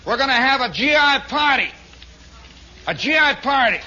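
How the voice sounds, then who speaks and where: A man voicing a gruff male army sergeant who shouts loud, taunting orders, on a dull 1960s radio broadcast. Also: extremely high pitch, expressive, moderate pace, voice pushed up, full character voice.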